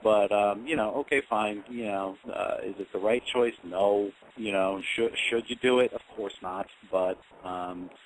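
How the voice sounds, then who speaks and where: A man's voice: fairly low pitch, a little slow, hardly any pauses, slight background noise, low-quality recording. A man co-hosting an internet radio talk show in casual chat, hesitant and full of ums and you-knows.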